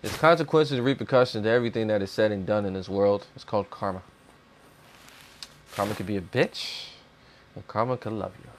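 A man's voice: on the low side, a little fast, a little hiss or hum. A man delivering a heated, profane opinion rant as a commentator, blunt and swearing constantly.

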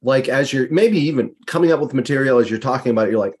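Husky, thoughtful male interviewer. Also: medium pitch, fast talker, darkish tone. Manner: thoughtful, musing, with hesitant fillers. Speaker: podcast host. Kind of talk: conversational interview.

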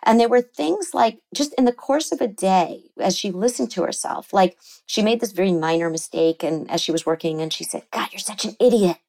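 A woman psychotherapist talking in an interview, animated and explaining ideas, often slipping into quoted voices. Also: mid-range voice, moderate pace, creaky. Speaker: psychotherapist guest. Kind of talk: conversational interview.

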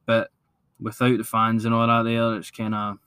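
A Scottish man co-hosting a casual football podcast, calmer and agreeable, steering the chat along. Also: lowish voice, moderate pace, smooth, dry recording. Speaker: podcast co-host.

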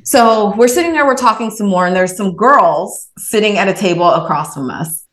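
Woman, podcast guest, animated storytelling, pitch swooping up and down, keeps saying "I was like". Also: normal speed. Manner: animated, retells her own dialogue with lots of "I was like". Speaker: podcast guest, author and reiki practitioner. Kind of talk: casual storytelling.

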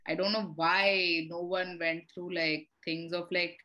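A woman's voice: on the low side, level tone, a little slow, few pauses, pushed and bright, lo-fi sound. A woman from India in a casual podcast chat, giving frank, exasperated criticism with lots of fillers.

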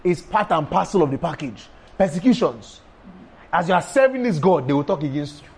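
A man preaching a sermon, emphatic and repetitive, breaking into sudden high exclamations. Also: expressive, fairly quick, darkish tone, breathy edge.

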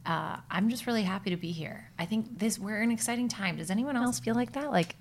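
A woman co-hosting a casual podcast, talking in a relaxed, reflective way with fillers. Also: mid-range voice, fast, a little hiss or hum. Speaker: podcast co-host. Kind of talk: casual chat.

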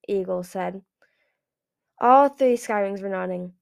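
A woman's voice: medium pitch, normal speed, gravelly. A woman reading a fantasy novel aloud in plain narration, now and then correcting herself. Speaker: audiobook reader.

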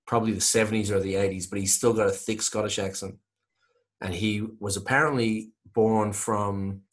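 A man's voice: lowish voice, fairly bright tone. A man hosting a podcast, telling a rambling story in casual chat with emphatic repetition.

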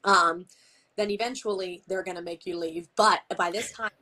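A woman with a fairly low, steady, sharp-toned voice chats at normal speed as a guest in a casual interview. She says "like" constantly and acts out the conversations she's retelling.

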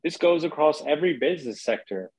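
Laid-back, swearing podcast host. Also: male voice, fairly high pitch, lively intonation, fast, a little mellow, husky, low-quality recording. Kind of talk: casual podcast conversation.

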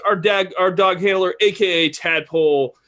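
Halting male game master. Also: high-pitched, steady tone, a bit bright. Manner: halting, many fillers and restarts. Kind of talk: narrating a tabletop game.

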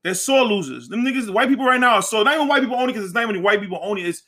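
A man's voice: high voice, lively intonation, racing, sharp tone. A man co-hosting a casual podcast, ranting heatedly and emphatically with plenty of swearing. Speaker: podcast co-host. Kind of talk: casual chat.

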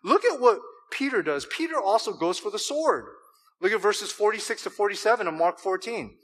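A man preaching a sermon, animated, acting out scripture quotes with emphasis and joking with the congregation. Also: high voice, moderate pace, rough recording. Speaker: pastor.

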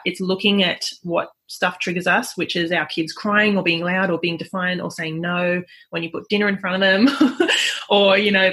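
A woman, a parenting coach speaking in a relaxed interview, chatty and laughing often. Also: on the low side. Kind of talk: conversational interview.

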